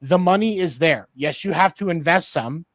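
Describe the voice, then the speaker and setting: A man's voice: a little high, animated, normal speed, a bit bright, dry recording. A man co-hosting a sports podcast in casual chat, matter-of-fact and citing numbers. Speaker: podcast co-host.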